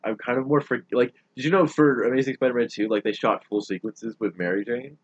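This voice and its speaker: A man's voice: medium pitch, fairly even intonation, brisk, slightly rough, no echo. A young man in casual podcast chat, rambling and full of "like", on a close mic with dull, lo-fi sound. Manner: rambling, heavy use of "like". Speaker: podcast co-host.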